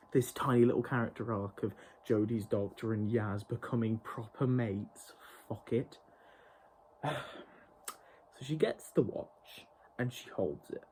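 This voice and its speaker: A man's voice: on the low side, mellow, a little hiss or hum. Exasperated, swearing man ranting. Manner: exasperated, heavily profane ranting. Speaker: TV show reviewer. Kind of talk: ranting review vlog.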